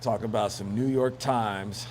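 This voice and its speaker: A man's voice: lowish voice, fairly even intonation, normal speed, a little mellow, a little hiss or hum. A man hosting a casual news commentary show, rambling and joking with lots of fillers and laughs. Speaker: host.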